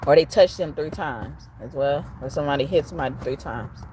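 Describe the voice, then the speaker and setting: Low-voiced blunt woman tarot reader. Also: a little fast, mellow, slight background noise. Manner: blunt and profane, chatty with frequent laughs. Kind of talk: casual live tarot reading.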